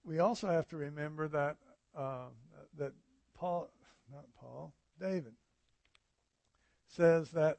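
Pastor guy giving a sermon, kinda high gravelly voice, dry sound, chatty and earnest. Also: takes it slowly, pauses often, a little mellow, dry recording. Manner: conversational, earnest preaching with fillers.

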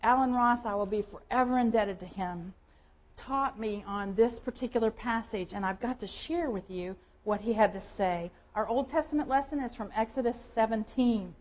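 Poor audio carries a fairly high-pitched woman speaking at a moderate pace, a Southern American pastor in mid-sermon. Lively and storytelling, she brings Bible stories to life by performing the quoted voices.

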